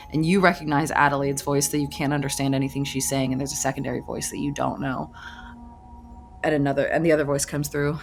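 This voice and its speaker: A woman's voice: deep voice, gravelly. A woman narrating a tabletop game as game master in a hesitant way, full of fillers.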